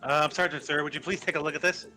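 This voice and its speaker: A man's voice: on the high side, steady tone, quick pace, pushed and bright, a little hiss or hum. A man playing an earnest young lawyer.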